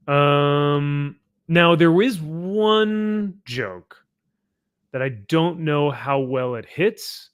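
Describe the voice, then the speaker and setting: A man's voice: on the high side, expressive, drawn-out words, clean tone, no echo, clean studio sound. Rambling man hosting a casual chat. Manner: rambling, laughs while summarizing a comic. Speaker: podcast host.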